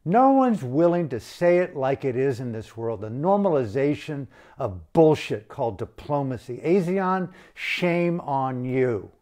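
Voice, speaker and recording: A man's voice: medium pitch, big pitch swings, moderate pace, hardly any pauses, warm tone. A man delivering an impassioned, blunt and profane rant as an activist.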